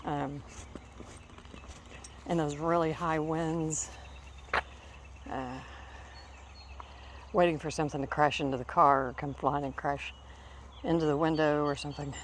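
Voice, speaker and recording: A woman's voice: sits low, fairly even intonation, unhurried, pauses often. A woman vlogging on a dog walk outdoors, chatting casually, a little out of breath, now and then calling commands to her dog. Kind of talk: casual walking vlog. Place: outdoors in a small town. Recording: noisy outdoor recording.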